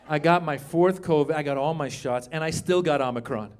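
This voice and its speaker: A man in his fifties performing a stand-up comedy set on a club stage, chatting with the crowd and jumping into loud put-on voices. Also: on the high side, brisk, hardly any pauses, a little hiss or hum. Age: 50s.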